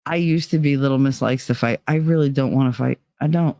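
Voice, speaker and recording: A woman's voice: very deep voice, a little fast, dark tone, dry recording. A woman hosting a podcast, telling a personal story in a frank, profane way and acting out the voices of the people she quotes. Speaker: podcast host.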